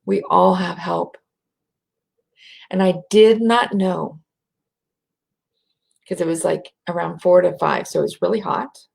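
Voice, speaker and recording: A middle-aged American woman with a faint rural twang talks slowly and reflectively, her voice low and gravelly. She leads listeners through breaths in a soft, unhurried way, sometimes sinking to a whisper. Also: steady tone. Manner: slow, soft, drops to a whisper at times. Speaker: spiritual speaker. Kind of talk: slow reflective talk with guided breathing.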